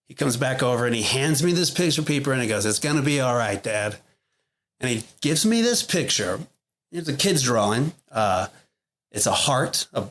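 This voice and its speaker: A man's voice: medium pitch, fairly bright tone. A middle-aged man speaking as a podcast guest, blunt and profane, with frequent "like" and "you know" in his speech. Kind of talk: candid interview talk.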